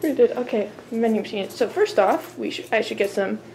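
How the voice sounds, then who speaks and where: A woman's voice: on the high side, lively intonation, a little fast, heavy background noise. A young woman chatting and giggling while she films herself exploring a hotel. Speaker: vlogger. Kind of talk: casual handheld vlog chat. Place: indoors in a hotel, hallways and vending area. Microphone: handheld camera.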